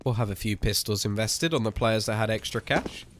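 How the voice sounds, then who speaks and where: A man casting a competitive shooter match solo, calling the plays with sudden rises in excitement and chatting with his viewers between rounds. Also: lowish voice, a little fast, slight background noise. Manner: excitable play-by-play that slips into chat with viewers. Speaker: esports caster. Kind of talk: live game commentary. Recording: game gunfire and clicks behind the voice.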